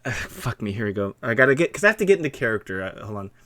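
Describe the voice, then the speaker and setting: A man's voice: lowish voice, big pitch swings, very fast, a crowd in the background. A man hosting a casual live-stream interview, flustered and laughing easily, often restarting his sentences.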